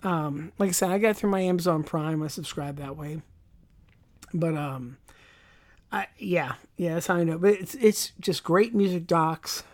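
A woman's voice: fairly low pitch, moderate pace, a little mellow, no echo. A woman co-hosting a podcast in casual chat, rambling and chatty, full of asides and fillers.

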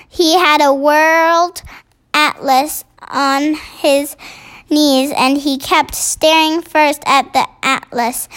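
A woman reading a storybook aloud slowly, stumbling on harder words. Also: sits high, a bit bright. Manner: slow, halting, stumbles on words. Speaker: reader.

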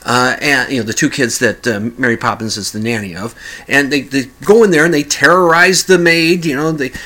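Speaking briskly in a sharp, mid-range voice, a podcast host delivers a casual, rambling monologue. He restarts frequently and breaks into sung mock lyrics.

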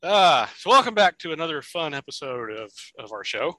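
A man co-hosting a casual podcast, chatty and quick to laugh, often restarting his sentences. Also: on the high side, sing-song, noisy background. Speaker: podcast co-host. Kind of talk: casual chat.

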